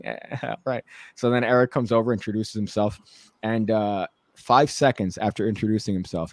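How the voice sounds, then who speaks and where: A man in casual conversation, telling an animated, profane story with laughs and acted-out quotes. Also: lowish voice, no echo.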